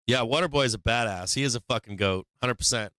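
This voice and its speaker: A man's voice: mid-range voice, quick pace, bright, forceful tone, smooth, dry recording. A man hosting a stock market livestream, chatting casually and profanely with his viewers in a rambling way.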